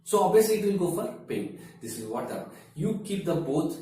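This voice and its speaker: A man, a wellness expert, explaining health advice slowly and deliberately, using everyday comparisons and frequent fillers. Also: on the high side, very animated, warm tone. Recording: very echoey room, distant mic.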